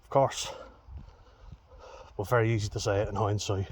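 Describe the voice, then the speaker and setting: Male vlogger, lower voice, blunt and sweary, faint background noise. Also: steady tone, moderate pace, a little mellow. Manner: blunt, heavy swearing, raw and frank. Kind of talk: candid storytelling to camera.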